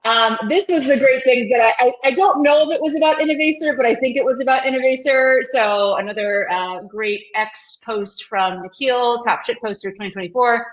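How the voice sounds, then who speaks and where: Woman, co-host, casual chat, irreverent, swears, higher voice, dull call audio. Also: normal speed, few pauses. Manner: chatty, swearing, laughing often.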